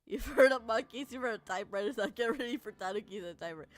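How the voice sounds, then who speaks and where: A woman streaming a game live, chatting in a silly, playful way with sudden loud outbursts. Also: a little high, quick pace, no echo. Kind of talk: live gameplay commentary. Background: soft lofi music.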